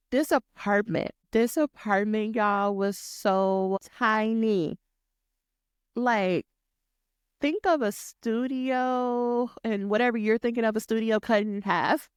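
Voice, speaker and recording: Animated woman telling a story. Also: mid-range voice, clear, resonant tone, dry recording, studio quality. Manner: animated, talks to listeners as y'all, acts out quotes. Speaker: podcast host. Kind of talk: storytelling monologue.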